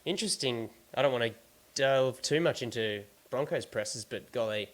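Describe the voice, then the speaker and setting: An Australian-accented man hosts a casual sports podcast, running through team news in an easygoing way. His voice is medium pitch at a moderate pace.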